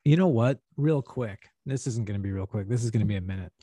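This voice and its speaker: A man from St. Louis, a podcast co-host, telling a long story in casual chat with an animated, rambling manner. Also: on the low side, quick pace, breathy edge, no room sound. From St. Louis, USA.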